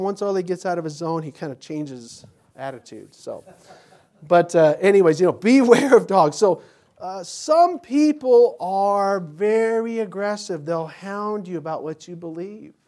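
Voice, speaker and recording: A pastor giving an informal Bible teaching, telling rambling personal anecdotes. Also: male voice, high-pitched, lively intonation, moderate pace, a little mellow.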